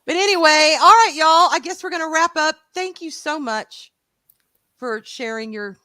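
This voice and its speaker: A woman with a Southern US accent co-hosting a live show in casual, animated chat, swearing freely. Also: sits high, normal speed, dry recording.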